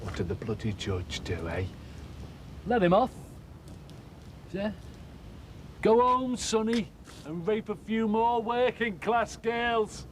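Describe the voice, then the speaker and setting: An actor playing a resentful, drunken working-class bar owner in a TV drama. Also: male voice, on the low side, lively intonation, unhurried, pauses often. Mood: drunk raging. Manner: resentful, sneering, shouting at night. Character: bitter drunken middle-aged working-class barman. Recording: hissy old TV recording.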